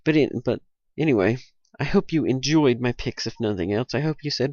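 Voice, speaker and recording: A man's voice: mid-range voice, brisk, darkish tone, dry recording. A man hosting his own video, rambling and poking fun at himself, with bursts of mock-indignant ranting. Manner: rambling, self-mocking, jumps into mock-indignant rants. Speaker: video host giving sports picks. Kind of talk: casual rambling monologue. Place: at home at a computer. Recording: dull, dry lo-fi audio.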